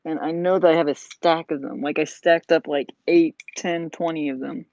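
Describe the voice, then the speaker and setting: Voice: medium pitch, steady tone, normal speed, darkish tone. A vlogger chatting casually while building a model, rambling with lots of "like" and "you know.". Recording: dull lo-fi sound.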